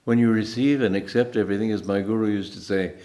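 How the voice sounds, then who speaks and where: A man in his eighties giving a spiritual talk as a teacher, telling stories in a calm, unhurried way with pauses. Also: fairly low pitch. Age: 80s.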